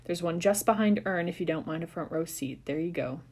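A woman voicing a bustling, motherly bus conductor in a storybook reading, brisk and chatty. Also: on the low side, darkish tone, slightly rough. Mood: cheery. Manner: brisk, motherly, exasperated scolding.

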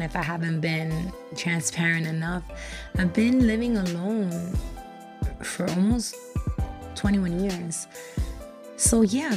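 A woman's voice: fairly low pitch, creaky, a little mellow. A woman hosting a solo podcast, talking frankly and confidingly, swearing casually and quoting her own self-talk. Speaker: podcast host. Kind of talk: candid solo podcast monologue.

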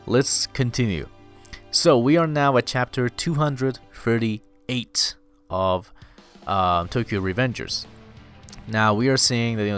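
A man's voice: lowish voice, a bit bright. A man casually recapping a manga chapter, loose and rambling, full of fillers and "dude".

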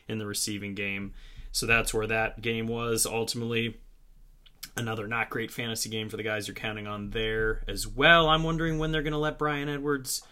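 A man's voice: mid-range voice, bright, forceful tone. A man hosting a solo fantasy football recap in a casual way, with wry, sarcastic asides. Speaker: fantasy football podcast host.

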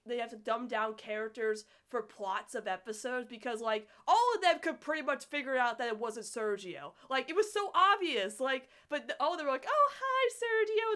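A young woman with a slightly high, very bright voice, chatting casually about a show. She rants in an animated, exasperated way, leaning on "like" as she goes. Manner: animated, exasperated ranting with frequent "like". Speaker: podcast co-host reviewing a cartoon. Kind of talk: casual chat.

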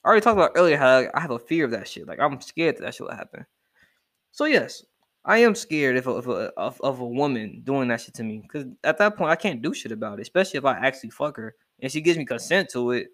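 A young man ranting casually to camera, animated and profane as he reacts to a list. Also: medium pitch, fast talker. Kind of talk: casual rant.

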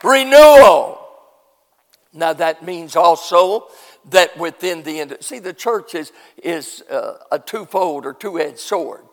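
In a church sanctuary, a pastor preaches a revival sermon, shifting from quiet teaching to shouted preaching and coaxing the congregation to answer back. His voice is fairly high and slow, trailed by a long reverb tail.

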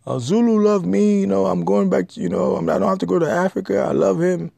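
A man putting on the voice of a starry-eyed woman gushing about her lover, in a high, dreamy falsetto. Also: fast, vocal fry, mellow, dry recording, full character voice.

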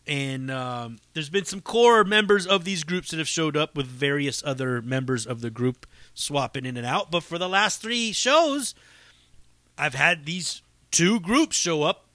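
Man, podcast host, casual profane monologue, very bright sharp voice, dry sound. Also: a little high, no room sound. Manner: profane, rambling storytelling with frequent laughs. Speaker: podcast host and comedy show runner.

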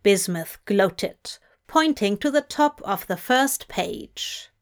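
A woman narrating a fanfic audiobook in a measured, expressive storytelling voice. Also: mid-range voice. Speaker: audiobook reader. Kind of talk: scripted narration.

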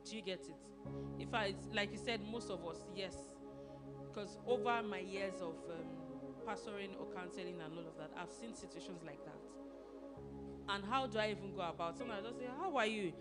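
A woman's voice: mid-range voice, a little fast. A woman pastor with a Nigerian accent, preaching in a conversational way, often asking "do you understand?" and laughing. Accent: Nigerian English. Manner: animated, asks the audience questions, laughs often. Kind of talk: conversational sermon. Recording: music playing behind her.

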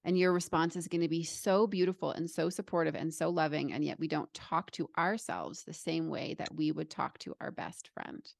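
A woman's voice: sits low, normal speed, creaky, hardly any pauses, dry recording. A woman hosting a podcast, affirming and enthusiastic as she talks with her guest. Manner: warm-hearted, enthusiastic, affirming. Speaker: podcast host. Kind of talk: conversational interview.

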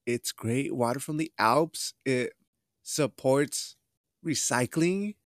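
A man's voice: mid-range voice, takes it slowly, dry recording, clean studio sound. Profane, rambling man hosting a podcast. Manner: loose, profane, rambling, drops Spanish phrases. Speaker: podcast host. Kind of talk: casual podcast chat.

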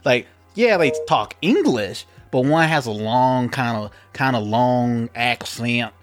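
A man's voice: mid-range voice, expressive, slow, over music. A man co-hosting a casual podcast chat, offhand, asking rhetorical questions. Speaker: podcast co-host.

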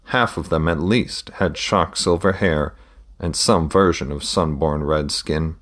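An author reads his own novel aloud for a podcast, calm and steady throughout. His voice is very low and deep, and the reading stays plain and even. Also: unhurried. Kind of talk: audiobook narration.

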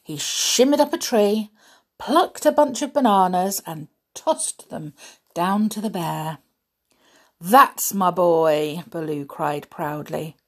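A middle-aged woman, a mother, reading a children's story aloud in a gentle, chatty way. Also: lowish voice, animated, takes it slowly. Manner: gentle, chatty, with soft laughs.

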